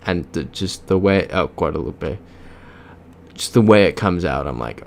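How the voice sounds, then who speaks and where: Deep-voiced American man chatting on stream. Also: lively intonation, measured pace, gravelly, slight background noise. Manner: chatty, reads chat aloud, mutters guesses to himself. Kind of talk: casual live-stream chat while playing a geography game.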